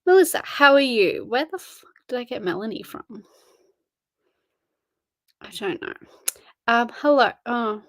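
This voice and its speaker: A woman's voice: fairly high pitch, expressive, measured pace, pauses often, no echo. A tired young woman, chatting casually on a livestream and answering chat messages. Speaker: livestream host. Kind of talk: casual live-stream chat.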